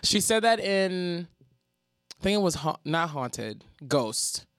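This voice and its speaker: Casting: lively, foul-mouthed teacher-type co-host, dry close sound. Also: medium pitch, takes it slowly, dry recording. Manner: animated, profane, acts out quotes. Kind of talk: casual podcast chat.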